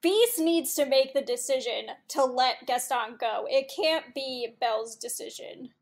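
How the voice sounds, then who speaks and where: A woman's voice: sits high, a little slow. A woman co-hosting a podcast in casual chat, talking in hesitant, filler-heavy bursts. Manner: hesitant, filler-heavy, then firm objections. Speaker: podcast co-host.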